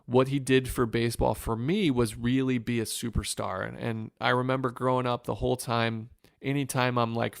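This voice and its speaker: A man from Northwest Ohio, a former pitcher, telling an earnest story in an interview with many restarts. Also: gravelly, clean tone, dry recording, studio quality. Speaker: former pro pitcher, podcast guest.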